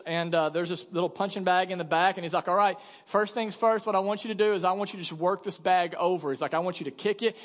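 A young man preaching from the pulpit in a high voice, spinning a funny, animated story and playing out each line of dialogue. His voice rings through a church hall with a long reverb tail. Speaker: pastor. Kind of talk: sermon with storytelling.

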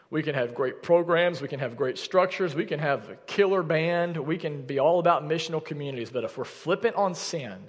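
A man's voice: on the high side, big-room sound. A young adult man preaching a sermon as pastor, addressing the congregation directly and earnestly. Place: church sanctuary.

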